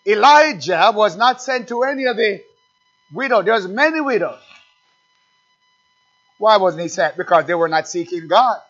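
A man's voice: high-pitched, animated, moderate pace, pauses often. A man preaching a sermon, calling out questions and answering them in rising refrains. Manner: call-and-response, building to loud refrains. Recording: dull lo-fi recording with faint music.

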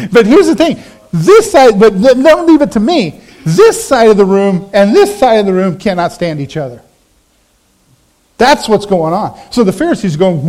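A middle-aged man delivers a sermon in a fairly high voice, weaving a personal story into the message. He acts out the voices of the people he describes, with lively shifts in tone. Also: moderate pace. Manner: animated storytelling, acting out quoted voices. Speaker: pastor.

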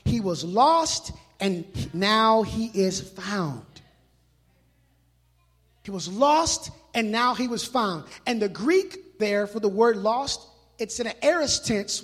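A male pastor preaching a sermon in a church, animated and emphatic, mixing in casual street slang. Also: very high voice. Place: church hall. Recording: long reverb of a large hall.

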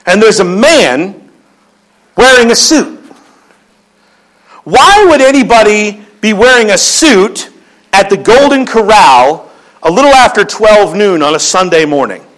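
Pastor guy, higher voice, chatty joking sermon. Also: expressive, unhurried, long pauses, a bit bright, rough recording. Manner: joking, conversational storytelling.

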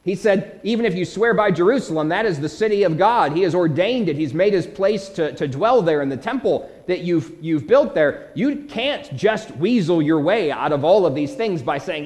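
A man's voice: high-pitched, lively intonation, moderate pace, hardly any pauses, darkish tone. A man preaching a sermon, emphatic and direct, asking his listeners questions. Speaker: pastor.

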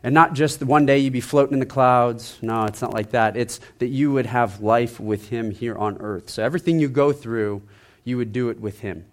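A man preaching a conversational sermon, repeating phrases and dropping to soft emphasis. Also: mid-range voice, normal speed. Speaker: pastor.

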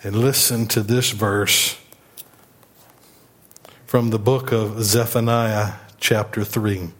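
A man's voice: on the low side, steady tone, takes it slowly. A man preaching a sermon as pastor, emphatic, leading the congregation in call-and-response.

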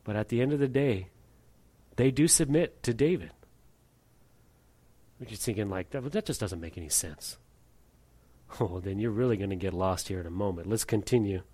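Animated man preaching a sermon. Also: fairly low pitch, moderate pace, long pauses. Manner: animated preaching, acts out voices and reads scripture aloud. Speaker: pastor.

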